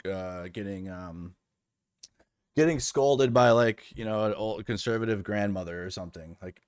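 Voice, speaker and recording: Male streamer reacting to news, fairly low voice, dry close mic, sarcastic and rambling. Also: moderate pace, no room sound. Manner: sarcastic, rambling, with frequent restarts. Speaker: political commentary streamer. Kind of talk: casual reaction commentary.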